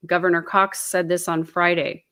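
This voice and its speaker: A woman's voice: on the low side, little pitch movement, normal speed, a bit bright, smooth. A woman hosting an online commentary show, reading news articles aloud at her computer and adding her own speculation in a chatty, filler-laden way.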